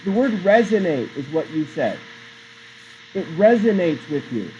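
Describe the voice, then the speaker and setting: A man's voice: high voice, big pitch swings, unhurried, darkish tone, slight background noise. A male teacher giving a classroom lecture, chatty and digressive, often quizzing the class. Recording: dull lo-fi sound.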